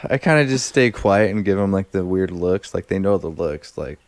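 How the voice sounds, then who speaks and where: A man's voice: sits low, animated, normal speed, no room sound. A man from the United States co-hosting a podcast in casual chat, joking crudely and rambling. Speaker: podcast co-host.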